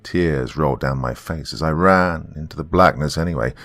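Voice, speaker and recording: A man hosting a horror podcast, narrating a first-person horror story in a slow, brooding way. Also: rumbling low, a bit bright, dry recording.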